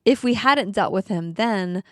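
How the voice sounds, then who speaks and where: A woman's voice: medium pitch, a little slow, a bit bright, no echo, studio quality. A woman, a yoga teacher and ceremony guide, telling a story in casual chat with many filler words. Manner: recounts events with many "like" fillers.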